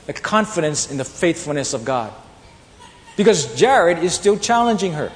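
A man's voice: fairly high pitch, normal speed. Man preaching in an echoey hall. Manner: animated storytelling, acts out quoted voices. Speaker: pastor. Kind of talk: sermon with personal stories. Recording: long reverb in a large hall, faint ambience.

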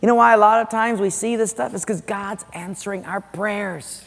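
A male pastor preaching in a large church, chatty and quick to joke as he questions his listeners. His voice sits a bit high for a man. A long reverb trails off every phrase. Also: steady tone, gravelly, fairly bright tone. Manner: conversational, questioning the congregation, joking. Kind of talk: sermon.

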